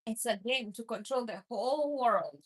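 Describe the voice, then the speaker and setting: A woman's voice: a little high, moderate pace, slight background noise. A woman giving emphatic political commentary, speaking straight to her listeners and repeating her points. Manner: emphatic, repetitive, addressing listeners directly.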